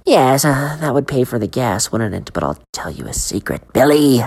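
A woman's voice: a bass voice, big pitch swings, moderate pace, darkish tone, breathy edge, exaggerated voice. A woman voicing a sinister little male ice cream man who hisses and teases in a sing-song way. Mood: sly. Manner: hissing, teasing, sing-song.

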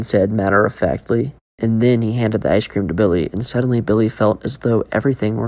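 A woman with a remarkably deep voice narrates a scripted horror story. She keeps a steady, measured storytelling pace throughout.

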